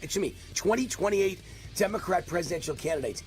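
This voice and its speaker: A man in his sixties hosting a live political talk stream, with a faint New York accent and a rambling, animated manner full of mocking asides. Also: sits high, a little fast, a little hiss or hum. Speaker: host.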